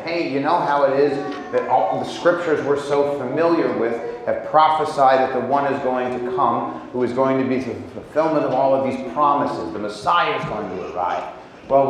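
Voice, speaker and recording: Pastor from indiana giving a sermon, chatty and jokey, big echoey church. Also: male voice, medium pitch. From Indiana, USA. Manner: conversational and humorous, with acted quotes.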